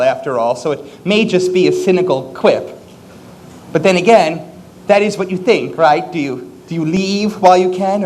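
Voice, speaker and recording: A man's voice: on the high side, slight background noise, lightly acted. A man playing a wry, lonely musical fan. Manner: conversational, wry asides to audience. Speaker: narrator.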